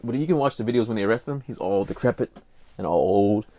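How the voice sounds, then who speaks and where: A man's voice: on the low side, expressive, quick pace, dark tone. An older man with a Cajun accent, co-hosting a casual podcast and telling a rambling story full of fillers. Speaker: podcast co-host. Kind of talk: casual chat.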